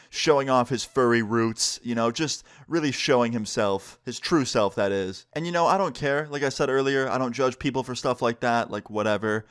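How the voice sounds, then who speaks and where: Young male YouTuber, story time narration, lively and emphatic, loose and chatty. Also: mid-range voice, clear, resonant tone. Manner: animated, emphatic storytelling with frequent fillers. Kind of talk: casual story time vlog.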